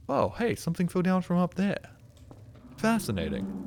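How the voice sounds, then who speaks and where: A man streaming a game live, muttering sarcastic commentary and breaking into excited outbursts. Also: sits high, unhurried, pauses often, a little hiss or hum.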